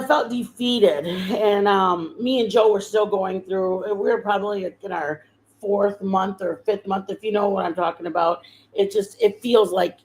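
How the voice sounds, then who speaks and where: This is a channel host, a woman with a medium-pitched voice, recorded with poor audio and slight background noise. Her testimony comes out as heartfelt, rambling personal storytelling, peppered with fillers and false starts.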